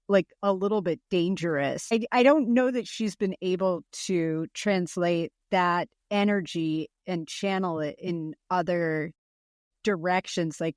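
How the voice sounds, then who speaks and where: A woman hosts a podcast in a casual, rambling way, filling her speech with hesitations. Her voice is a little low, and the close recording is dry. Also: a little mellow, no room sound. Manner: rambling, filler-heavy, hesitant. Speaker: podcast host.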